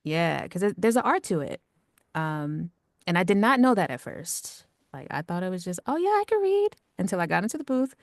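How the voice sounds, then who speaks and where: A woman working as a radio producer and voice actor, speaking in a calm, natural voice and chatting casually with plenty of "like" and "you know.". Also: on the low side, normal speed, vocal fry, no room sound, clean studio sound. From Long Island and Georgia. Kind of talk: casual interview answers.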